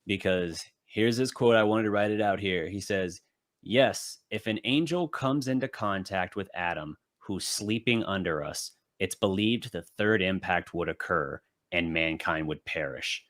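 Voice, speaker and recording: A man co-hosting a podcast, chatting casually through an episode recap and acting out character lines in quick bits. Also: low-pitched, fairly bright tone. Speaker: podcast co-host. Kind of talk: casual anime recap chat.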